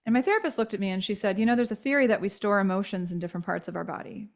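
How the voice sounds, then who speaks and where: A woman in her thirties speaks as a podcast guest, candid and reflective as she tells her own story. Her voice sits at an ordinary middle pitch. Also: expressive, racing.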